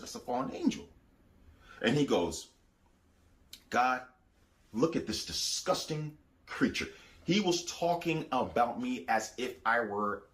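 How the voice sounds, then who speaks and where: A man's voice: medium pitch, a bit bright. A man giving a spoken religious testimony, telling his story emphatically and repeating phrases as he acts out the voices he quotes. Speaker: Christian testifier.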